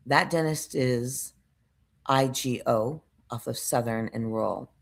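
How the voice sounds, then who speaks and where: Gravelly low-voiced woman telling a story. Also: slow. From United States. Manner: frustrated, rambling retelling with restarts and searching for words. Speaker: vlogger. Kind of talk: casual storytelling monologue.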